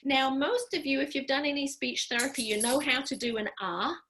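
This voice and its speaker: Woman speech therapist on a video call, bright forceful voice, upbeat coaching, clear and deliberate. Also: high voice, a little hiss or hum. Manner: upbeat, encouraging, coaching a group; clear, deliberate, instructive delivery. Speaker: speech-language pathologist. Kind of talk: online class leading voice exercises. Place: home, during a live online program.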